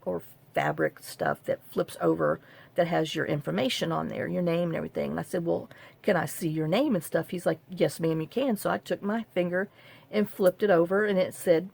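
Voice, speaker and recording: This is a woman, talking straight to the camera in a casual, wandering way. Her voice sits low and has a rough, gravelly edge. She keeps cutting herself off and adding dry, half-joking asides. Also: fairly even intonation, fairly quick, a little mellow. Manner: rambling, self-interrupting, half-joking. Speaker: craft vlogger.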